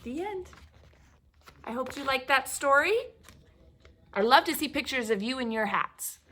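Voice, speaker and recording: A woman preschool teacher reading a picture book aloud to young children, expressive and asking them questions along the way. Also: high-pitched, moderate pace.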